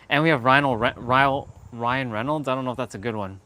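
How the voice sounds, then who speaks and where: A man's voice: medium pitch, bright, forceful tone. Rambling live stream host, a man. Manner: rambling, self-correcting, laughs a lot. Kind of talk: casual live stream chat.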